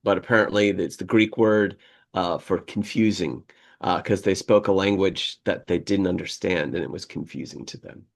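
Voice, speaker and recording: A man's voice: sits low, moderate pace. A man co-hosting a casual podcast, reading history aloud and drifting into rambling asides with frequent laughter. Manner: rambling, digressive, laughs often. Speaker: podcast co-host.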